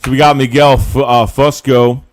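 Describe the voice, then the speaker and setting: A man's voice: mid-range voice, normal speed, soft background music. A man hosting a casual sports podcast, reading viewer comments from the live chat. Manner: lively, reads viewer comments aloud.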